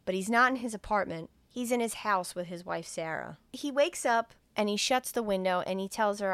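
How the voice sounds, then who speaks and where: Woman, podcast host, casual chat, animated movie recap, dry close mic. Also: mid-range voice, normal speed, hardly any pauses, clear, resonant tone, dry recording. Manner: animated retelling, acts out characters' lines, swears and laughs. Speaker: podcast host retelling a film.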